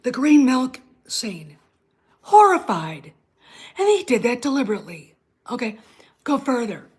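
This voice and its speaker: Slow, husky-voiced woman ranting. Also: a little high, very animated. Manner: blunt, profane, ranting; talks straight to a live chat audience. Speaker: host of her own online show. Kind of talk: casual livestream rant.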